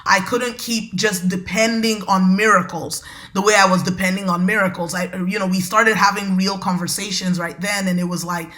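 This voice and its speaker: A woman hosting a podcast, telling a personal story in a lively, conversational way and talking straight to her listeners. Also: medium pitch, normal speed. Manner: animated, conversational, addresses listeners as y'all. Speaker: podcast host.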